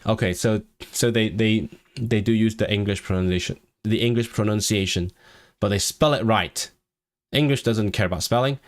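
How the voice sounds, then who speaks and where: Low-voiced man rambling on a livestream. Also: a little mellow, dry recording. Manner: rambling, self-interrupting with repeated words. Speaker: language-learning streamer. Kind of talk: casual livestream chat.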